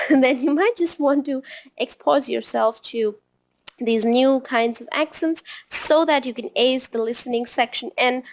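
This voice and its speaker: Chatty woman tutor, fairly high voice. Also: measured pace. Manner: chatty, often ends points with a tag question. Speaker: test-prep tutor. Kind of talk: informal online lesson.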